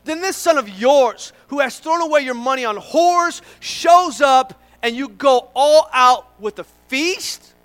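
A man's voice: extremely high pitch, measured pace, few pauses, a bit bright, pitched above the performer's own voice. A man preaching, voicing the resentful older brother of a parable, a self-righteous grown son complaining indignantly to his father.

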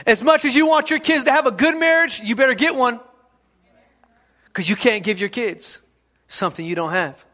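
A middle-aged male pastor with a high, bright, ringing voice delivers a sermon. He repeats his key lines for emphasis and swings from hushed drops into loud, emphatic bursts. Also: moderate pace, long pauses. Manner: preaching with repetition and sudden shouts.

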